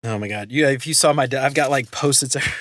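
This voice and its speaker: A middle-aged man hosting a podcast, chatting in a quick, enthusiastic, casual way. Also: medium pitch, a bit bright, a little hiss or hum. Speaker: podcast host. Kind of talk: casual interview chat.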